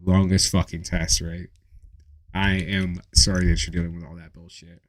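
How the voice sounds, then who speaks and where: A man's voice: low voice, flat delivery, normal speed, no room sound. A man hosting a live tarot stream, chatting casually with viewers, swearing freely and reading their comments aloud. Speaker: tarot reader.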